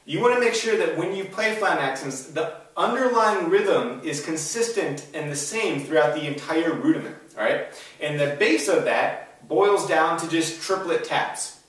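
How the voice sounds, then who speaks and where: A man's voice: fairly high pitch, expressive, unhurried, a bit bright. A man giving a drum lesson, upbeat and explaining step by step, with frequent "all right?" check-ins. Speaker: drum instructor. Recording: very echoey room, voice a bit far from the mic.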